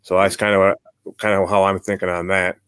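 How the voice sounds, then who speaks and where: Male podcast host, lowish smooth voice, dry close sound, relaxed conversational delivery. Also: fairly quick, dry recording. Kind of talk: casual sports chat.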